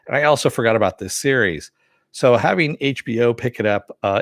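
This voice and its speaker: A man giving a casual spoken review of an animated series, rambling with many fillers and self-corrections, and answering chat as he goes. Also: on the low side, dry recording, clean studio sound. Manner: reads and answers live chat.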